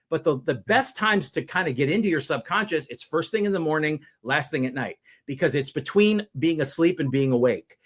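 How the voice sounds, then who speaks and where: Middle-aged male speaker, fairly high voice, energetic teaching tone, explains in steps. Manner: energetic, explains step by step with examples. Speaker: mind power speaker, guest. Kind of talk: conversational teaching.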